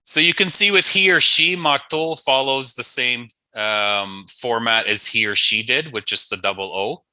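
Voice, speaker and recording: A man's voice: mid-range voice, unhurried, sharp tone, dry recording, rough recording. A man teaching an online language lesson, patiently saying each word twice and adding playful asides.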